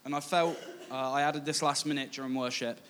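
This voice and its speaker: A man's voice: medium pitch, steady tone, fairly quick, a bit bright, a little hiss or hum. A man preaching a sermon, in a conversational, self-mocking way that acts out past dialogue. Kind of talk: sermon with personal storytelling.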